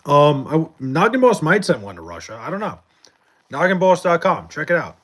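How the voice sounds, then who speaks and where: A man's voice: on the high side, big pitch swings, moderate pace, a bit bright. A young man hosting a live stream, chatting casually about sports in a profane, rambling way with many restarts and fillers, late at night at home. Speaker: livestream host reading chat.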